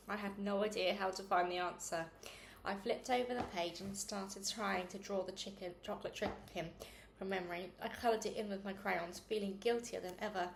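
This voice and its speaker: A woman reads a children's storybook aloud, steady and earnest. Her voice is mid-pitched, with a roomy echo around it and a faint hiss underneath. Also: normal speed, vocal fry. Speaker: reader.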